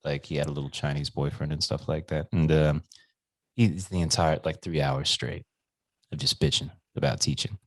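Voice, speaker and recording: A man's voice: a bass voice, little pitch movement, moderate pace, no echo. A man co-hosting a podcast in casual chat, laid-back, swearing freely and laughing often. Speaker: podcast co-host.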